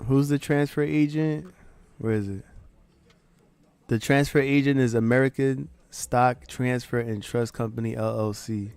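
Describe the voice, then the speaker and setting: A man's voice: mid-range voice, fairly even intonation, unhurried, creaky, darkish tone, clean tone, no echo. A man with a New York accent chatting casually on a livestream, laid-back, laughing and swearing often. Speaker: livestream host.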